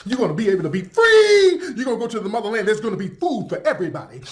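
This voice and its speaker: A man's voice: sits high, wildly swooping pitch, quick pace. A man putting on a mocking impression of a ranting man with a whiny, exaggerated delivery. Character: ranting man mocked as a crackpot.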